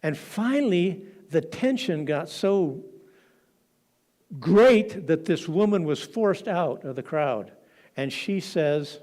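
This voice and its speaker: A male preacher in a church, telling the story with drama and slipping into the voices of the people in it. His voice sits on the higher side and swings widely in pitch. He takes his time, pausing between phrases. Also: animated, darkish tone. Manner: dramatic, acts out quoted lines. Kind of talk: sermon storytelling.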